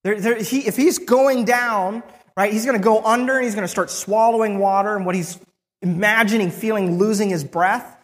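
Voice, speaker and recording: A preacher retelling a Bible story in the first person, with frequent restarts and pauses. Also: mid-range voice, big-room sound.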